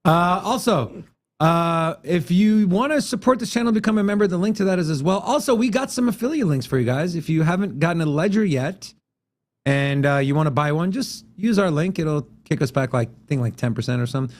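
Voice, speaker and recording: High-voiced man hosting a casual crypto chat. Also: animated, a little fast. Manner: rambling, filler-heavy sign-off. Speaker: show host.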